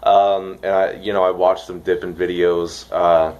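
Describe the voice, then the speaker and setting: Rambling, excitable young man vlogging. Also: deep voice, measured pace, highs cut off. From United States. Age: young adult. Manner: rambling, excitable, swears casually. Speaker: vlogger reviewing dip. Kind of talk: casual vlog.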